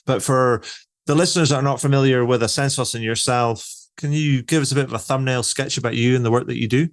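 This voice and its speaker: A man's voice: medium pitch, steady tone, fast, no room sound. A Scottish man hosting a podcast interview, chatty and rambling with lots of fillers. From Scotland. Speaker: podcast host. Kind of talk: casual interview chat.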